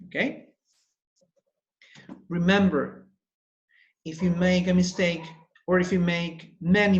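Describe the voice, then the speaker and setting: A man teaching young pupils in a recorded lesson, spelling words out letter by letter and repeating them patiently, with encouragement. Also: a little high. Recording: roomy, slightly dull home recording.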